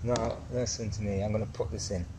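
A man's voice: on the low side, steady tone, a little fast, background noise. A man vlogging as a dad, playfully teasing and coaching while filming on a handheld camera at a pool table in an indoor entertainment centre. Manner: playful, teasing, repeats a catchphrase. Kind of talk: casual chat.

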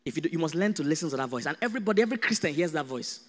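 A man with a Nigerian accent preaching a sermon as a pastor, animated and humorous. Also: on the high side, racing, big-room sound. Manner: animated, humorous, acts out dialogues.

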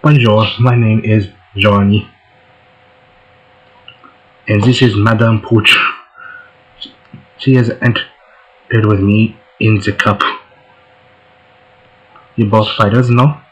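A man's voice: on the low side, fairly even intonation, slow pace, long pauses, a bit bright, low-quality recording. A man doing a hammy fake French dog owner. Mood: theatrical. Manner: hammy, broken phrasing. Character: showy Frenchman with a pet dog.

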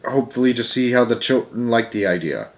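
A man's voice: mid-range voice, lively intonation, fairly quick. Man reading a storybook aloud. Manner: frequent slips and restarts, chatty asides. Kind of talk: reading a children's book aloud.

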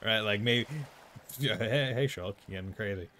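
A man's voice: on the low side, normal speed, pushed and bright, slight background noise. A man with a Boston accent streaming a video game, chatting casually and rambling with lots of fillers. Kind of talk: casual let's-play chat. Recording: faint game music behind.

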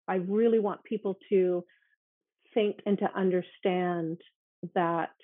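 A woman's voice: mid-range voice, no room sound, narrow, tinny audio. A woman, a self-defense instructor, talking earnestly as an interview guest and growing emphatic as she speaks. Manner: earnest, grows emotional and emphatic. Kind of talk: conversational interview.

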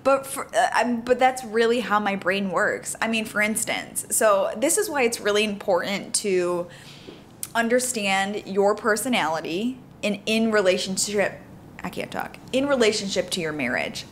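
A woman co-hosts a relaxed married-couple podcast. She talks casually and animatedly, laughing often and speeding through explanations at a mid pitch. A faint rumble of noise sits behind her voice. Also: moderate pace. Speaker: podcast co-host.

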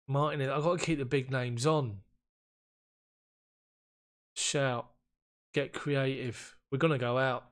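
A man giving casual commentary on a football management game, getting excited and frustrated as chances slip away. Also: medium pitch. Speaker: gaming YouTuber.

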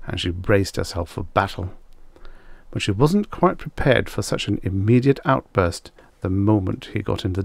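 A man narrating a vintage science fiction story in an expressive, theatrical way, with a slightly croaky voice. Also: lowish voice, dry recording. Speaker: audiobook narrator. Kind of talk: scripted narration.

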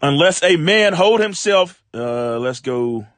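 A man preaching a live-streamed sermon, reading scripture slowly and breaking into animated, casual commentary with sudden exclamations. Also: a little high, no room sound, faint music behind. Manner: reads verses slowly, then comments in casual speech.

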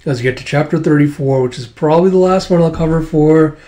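A man's voice: fairly high pitch, quick pace, mellow. A man casually narrating a comic book aloud, loose and filler-heavy, with occasional swearing. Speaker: comic reader, vlogger.

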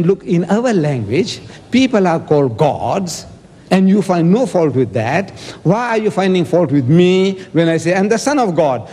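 A man's voice: high voice, warm tone, big-room sound. A man giving an emphatic debate speech, quoting scripture and asking rhetorical questions.

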